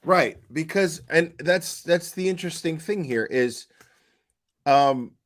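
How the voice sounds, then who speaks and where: A man with a slightly high voice talks slowly through casual true crime commentary, questioning and skeptical. He trips over restarts, throws out rhetorical questions, and performs the dispatcher's quoted questions.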